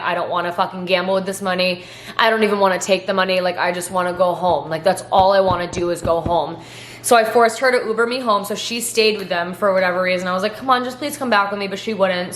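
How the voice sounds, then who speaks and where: A young woman in her twenties chats through a question-and-answer vlog, swearing freely and packing every sentence with fillers. Her voice sits at an ordinary middle pitch and carries a roomy echo. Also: fairly bright tone. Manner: chatty, filler-heavy, profane. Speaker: vlogger. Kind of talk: casual Q&A storytelling. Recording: echoey room.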